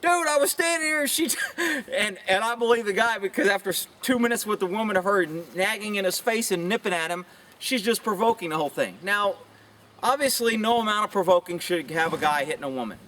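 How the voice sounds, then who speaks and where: A man's voice: quick pace, a bit bright. A middle-aged man who is a police officer, talking bluntly and opinionatedly to camera outdoors, with rambling asides. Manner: puts on high mocking voices for quoted women. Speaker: police officer sharing views. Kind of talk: casual monologue to camera. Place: outdoors with chickens nearby. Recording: voice somewhat far from mic.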